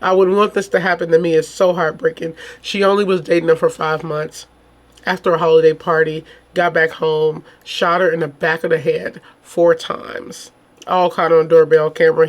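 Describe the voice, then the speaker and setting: A woman's voice: sits low, little pitch movement, moderate pace. A woman hosting a true crime channel who reads a case report and then reacts in casual, indignant chat full of rhetorical questions. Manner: casual, chatty, addresses viewers as y'all.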